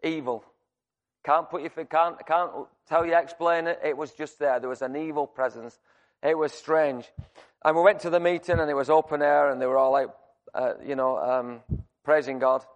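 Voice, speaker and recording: A man preaching a sermon, telling a personal story in a conversational, animated way with many restarts. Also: fairly high pitch, normal speed, highs cut off. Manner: shouts to act out screaming.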